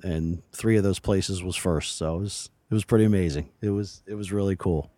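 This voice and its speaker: Man in his forties, low-pitched, dry close sound, earnest, rambling, casual interview chat outdoors. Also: fairly quick, few pauses, warm tone, dry recording. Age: 40s. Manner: earnest, rambling with many restarts. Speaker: podcast guest. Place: outdoors at a resort by a lake.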